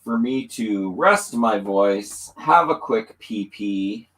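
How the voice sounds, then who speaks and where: A middle-aged man hosts a casual livestream, greeting viewers and reading their comments aloud. His voice sits low and unhurried yet carries a bright, forceful edge. He slips into playful auctioneer-style banter. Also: expressive. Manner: reads chat aloud, mock auctioneer banter. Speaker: livestream host.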